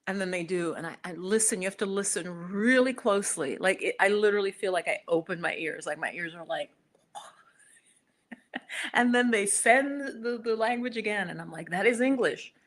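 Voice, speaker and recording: A woman's voice: on the low side, quick pace, hardly any pauses. A woman hosting a spiritual talk, chatting casually with live viewers and acting out little conversations as she tells a story. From United States. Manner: chatty and animated, acts out quoted exchanges. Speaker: spiritual video host.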